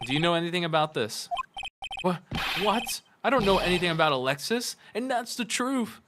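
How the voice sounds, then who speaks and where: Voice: mid-range voice, expressive, moderate pace, very noisy. A let's play host voicing several characters in a playful read-along of a game, switching voices and joking between lines.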